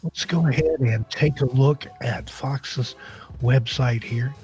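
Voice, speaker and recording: A male podcast host takes it slowly on his casual live-stream chat show, faint music behind him. His mid-range voice is darkish and slightly scratchy, and he's easygoing, joking and rambling with restarts.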